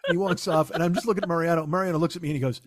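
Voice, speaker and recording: A male stand-up comedian races through a profane story, sounding exasperated the whole way. His voice sits a little high with fairly even intonation, and the recording is dry and close-miked.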